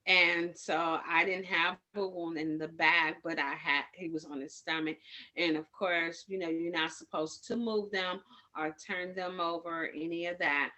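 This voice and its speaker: This woman's voice sits on the low side, bright and forceful, as she teaches community medics in an informal way. She tells personal stories from the street in laid-back slang, wandering off track and correcting herself as she goes.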